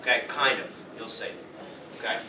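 A man teaching a high school history class, lively and playful, acting out quick voices for the people in his story. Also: a little hiss or hum. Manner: lively, acts out quick voices of nations and leaders. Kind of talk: classroom lecture. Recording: roomy classroom sound from far off.

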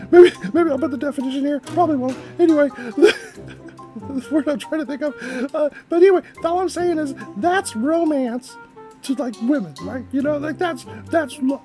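A woman's voice: high voice, warm tone. A woman hosting a reaction video, rambling casually with frequent laughter and restarts. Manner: giggly, rambling, stumbles over words.

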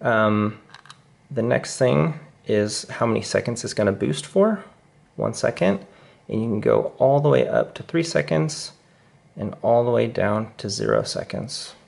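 A man casually walking viewers through a device's menu settings in a relaxed, conversational way, correcting himself as he goes. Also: medium pitch, measured pace, gravelly. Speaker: product reviewer. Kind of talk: casual how-to demonstration.

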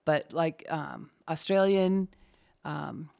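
A woman with a low, gravelly voice chats in a relaxed interview, telling stories about her work with lively energy. She talks quickly when excited and keeps a conversational flow. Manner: chatty, animated storyteller. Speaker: closed captioner, guest. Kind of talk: casual interview talk.

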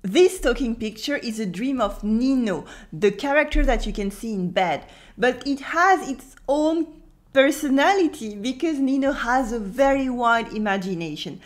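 A French native woman teaching in a video lesson, explaining clearly and slowly repeating example words. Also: on the high side.

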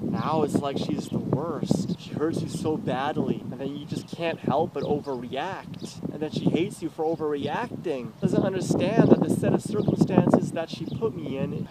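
A man's voice: fairly high pitch, very noisy. A young man in an emotional confessional rant, agitated and profane, rambling and swinging between muttering and outbursts, recorded outdoors in a city.

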